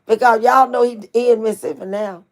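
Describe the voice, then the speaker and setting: Middle-aged woman, channel host, animated folksy storyteller, talks straight to viewers, curses freely. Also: a little high, brisk.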